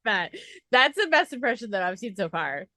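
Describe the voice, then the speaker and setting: A woman's voice: mid-range voice, big pitch swings, moderate pace, bright, forceful tone, dry recording, clean studio sound. Gushing, chatty woman interviewer. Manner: gushing, chatty, many fillers of "like". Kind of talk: casual chat.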